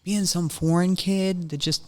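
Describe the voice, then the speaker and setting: A man on a casual podcast, ranting and swearing, often jumping into a high mocking voice. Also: steady tone, unhurried, a little mellow. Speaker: podcast co-host. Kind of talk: casual chat. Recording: long hall reverb.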